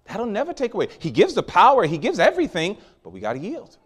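A man preaching a sermon, animated and storytelling, with sudden loud peaks. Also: high voice, fast, few pauses, breathy edge.

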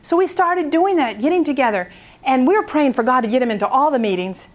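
A woman speaking at a prayer seminar, telling a story in an animated way and acting out its people. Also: sits high, quick pace.

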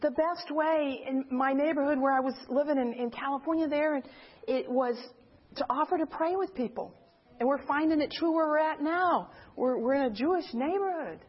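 On a lo-fi recording, a woman whose voice sits high speaks at a moderate pace. As a church member giving testimony, she relates a personal story to an audience with lively narration, voicing the people she quotes.

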